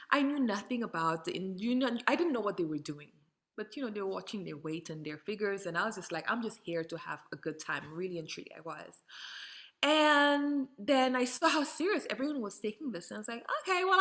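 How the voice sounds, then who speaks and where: A woman from Saint Martin talks as an interview guest with a clear, bright voice. She tells her story casually and animatedly, slipping into the voices of people she quotes and laughing along the way. Her pitch sits in a middle range. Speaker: interview guest, model and doll entrepreneur.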